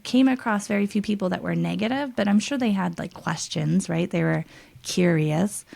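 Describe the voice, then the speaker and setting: A woman's voice: fairly low pitch, moderate pace, gravelly, a little mellow. A woman sharing a heartfelt surrogacy story in a casual panel chat.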